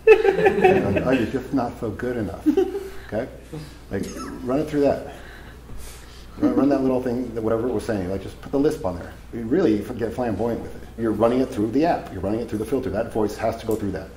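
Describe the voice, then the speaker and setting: A man's voice: medium pitch, quick pace, warm tone, echoey room, a little hiss or hum, poor audio. A man giving a live seminar talk to an audience, casual and profane, telling stories as he goes. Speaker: seminar speaker.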